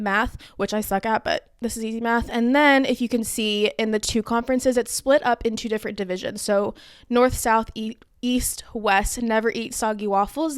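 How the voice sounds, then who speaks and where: A woman's voice: fairly high pitch, clean tone, no room sound. A young woman hosting a podcast, casually explaining a topic in a chatty, self-deprecating way with plenty of fillers. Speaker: podcast host.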